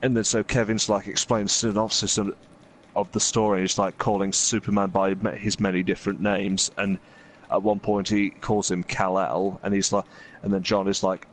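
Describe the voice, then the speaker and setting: Male gaming host, somewhat low voice, loose rambling anecdote delivery. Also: level tone, normal speed. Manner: rambling, full of fillers and "he's like" asides. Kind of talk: casual storytelling while playing a game.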